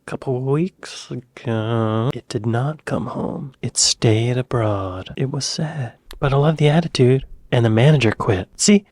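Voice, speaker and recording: A man's voice: medium pitch, a little slow, few pauses, a little mellow, no echo. American man chatting in a dry room. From United States. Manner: chatty, wry asides, exclaims in surprise. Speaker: reaction video host. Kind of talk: casual reaction commentary.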